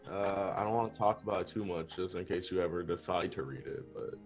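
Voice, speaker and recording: A man's voice: low-pitched, steady tone, brisk. A man streaming and chatting casually with a co-host, laid-back and joking. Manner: laid-back, joking, talks over music.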